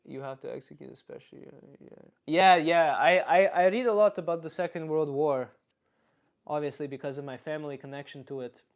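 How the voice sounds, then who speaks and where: A man from Canada holds loose live stream chat, rambling and swearing freely. His voice sits a bit higher than most men's. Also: brisk. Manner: rambling, profane, reads chat aloud. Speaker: comedian streamer.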